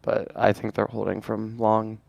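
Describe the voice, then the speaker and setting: Man making quick game callouts. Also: on the low side, little pitch movement, vocal fry, darkish tone, no echo, lo-fi sound. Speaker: student player. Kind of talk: casual gaming callouts.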